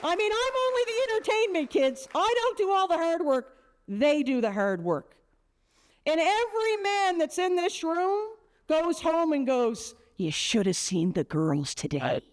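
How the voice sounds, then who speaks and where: A woman around fifty with a brash, joking manner, giving an energetic motivational speech to teenage girls as a keynote speaker. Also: extremely high pitch, unhurried. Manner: brash, joking, punchy storyteller.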